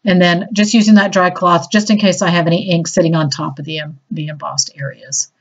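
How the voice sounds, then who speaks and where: A woman's voice: on the low side, level tone, a little fast. A woman chatting enthusiastically through a casual craft tutorial, a little self-deprecating. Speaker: crafting demonstrator. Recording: slightly dull lo-fi audio.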